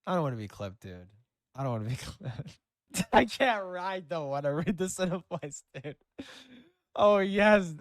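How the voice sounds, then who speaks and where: A man's voice: on the high side, no echo. A man giving casual gameplay commentary, crude and mocking, laughing often. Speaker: gaming commentator.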